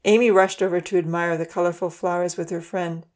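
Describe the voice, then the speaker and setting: A woman reads a children's storybook aloud with a gentle, steady manner. Her voice sits on the low side. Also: brisk. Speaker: narrator. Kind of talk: storybook narration.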